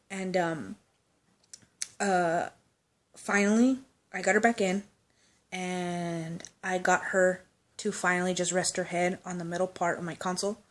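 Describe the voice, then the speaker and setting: A woman casually telling a personal anecdote, chatty and loose, with swearing and laughing asides. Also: lowish voice. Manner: chatty storytelling, swears, laughs, acts out quotes.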